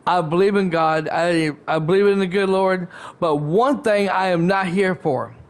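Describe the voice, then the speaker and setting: A man with a fairly high voice rants to his live-stream audience from his chair at home. He talks into a headset, circling back over the same points with restarts and plenty of profanity. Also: normal speed. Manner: rambling and repetitive, frequent restarts, profane. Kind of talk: casual live-stream rant.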